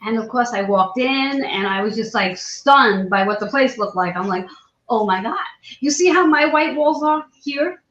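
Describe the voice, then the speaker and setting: A woman hosting a casual chat, telling a story with lively, acted-out quotes. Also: fairly high pitch, normal speed, hardly any pauses. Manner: animated storyteller, acts out quoted voices. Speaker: host. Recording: roomy, dull lo-fi sound.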